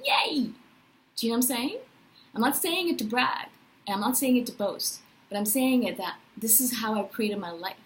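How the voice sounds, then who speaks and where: A woman in her thirties talking in a personal spiritual vlog, animated and emphatic, often checking in with "right?". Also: fairly high pitch, brisk, rough recording. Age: 30s. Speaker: vlogger.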